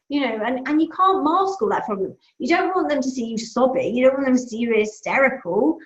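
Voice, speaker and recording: A woman's voice: sits high, fairly quick. A woman, a breakup coach, giving upbeat advice in a live question-and-answer talk, telling stories with acted-out voices. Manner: animated, storytelling with acted-out voices. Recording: echoey room, dull lo-fi sound.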